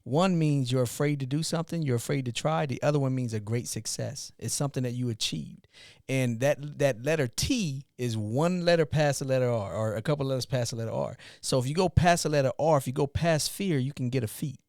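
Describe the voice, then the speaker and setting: A man co-hosting a podcast, retelling a story in an animated, rambling way with restarts. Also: mid-range voice, a little fast, no echo, clean studio sound. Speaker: podcast co-host, father, youth mentor. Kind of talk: casual storytelling.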